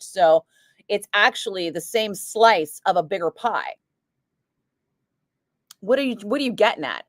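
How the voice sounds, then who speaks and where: Animated woman DJ telling stories. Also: mid-range voice, dry recording, studio quality. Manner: animated, acts out quoted voices, frequent "like". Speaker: radio DJ chatting with a live stream. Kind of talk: casual storytelling chat. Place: radio studio. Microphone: studio microphone.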